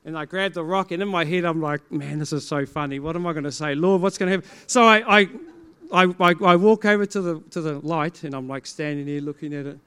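A middle-aged male pastor with a New Zealand accent tells his congregation a story. He acts out both sides of each conversation and now and then breaks into loud exclamations. His voice sits high and rings smooth and clear. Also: brisk. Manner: animated storytelling, acting out dialogue, bursts of loud exclamation. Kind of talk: preaching testimony to a congregation.

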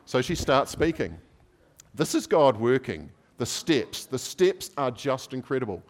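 A male preacher tells a story to his congregation. He talks in an everyday middle register, then swings far up in pitch and volume as he acts out the people in the story. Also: a little slow. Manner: animated storyteller acting out voices. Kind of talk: storytelling sermon.

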